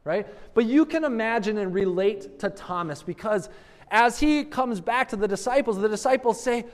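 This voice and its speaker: Male pastor, high-pitched, earnest sermon, echoey hall. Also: expressive, normal speed. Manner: conversational, earnest, rhetorical asides. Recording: long hall reverb.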